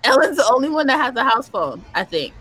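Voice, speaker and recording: Bright-voiced chatty woman hosting. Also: sits high, sing-song, fast, husky, poor audio. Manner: laughs often, chatty storytelling. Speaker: parent support group host. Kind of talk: casual group chat.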